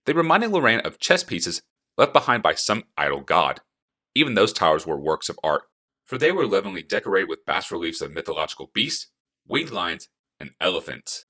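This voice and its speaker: Deep-voiced man narrating an audiobook. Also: big pitch swings, moderate pace, pushed and bright. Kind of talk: audiobook reading.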